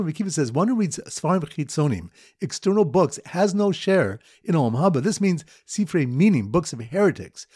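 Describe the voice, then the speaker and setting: Man, a bit high, animated pitch, slightly husky; lively Talmud teacher, dry close recording. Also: dry recording. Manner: lively storytelling with Hebrew and Aramaic terms. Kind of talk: memory-aid Talmud lesson narration.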